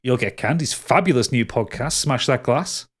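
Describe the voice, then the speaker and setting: A man's voice: mid-range voice, animated, normal speed, fairly bright tone, husky. A man as game master, wrapping up a tabletop podcast episode in rambling, upbeat casual chat. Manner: rambling, lots of restarts and laughs, upbeat.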